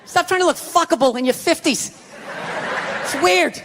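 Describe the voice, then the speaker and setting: A middle-aged stand-up comedian from the US East Coast, ranting with lots of swearing and shouting his punchlines. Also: very high voice, normal speed, noisy background. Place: large theater stage before a live audience. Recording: live hall recording with crowd laughter.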